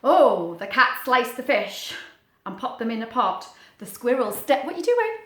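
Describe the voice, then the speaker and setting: A woman's voice: fairly high pitch, moderate pace. A woman, a teacher reading a picture book to young children with playful asides to a puppet. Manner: animated, playful, sing-song, talks to the puppet. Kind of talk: storytime read-aloud with a puppet. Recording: roomy, echoey sound.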